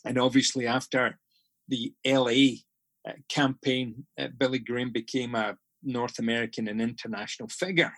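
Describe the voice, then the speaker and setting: A man's voice: medium pitch, little pitch movement, moderate pace, fairly bright tone, no echo. A middle-aged Scottish man with a Scottish accent, a podcast guest telling stories with jovial humor. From Scotland. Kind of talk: conversational podcast interview.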